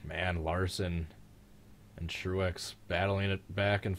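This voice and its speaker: A young man hosting a live-streamed race reaction, joking and excitable in casual commentary. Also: low-pitched, slow. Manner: joking, excitable, mild swearing. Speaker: host of a live-streamed racing reaction show.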